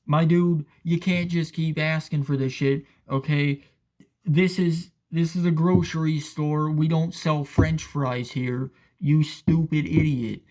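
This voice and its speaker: A man's voice: on the high side, fairly even intonation, slow pace, a little mellow, poor audio. A man doing a fed-up store manager. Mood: exasperated. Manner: exasperated, blunt.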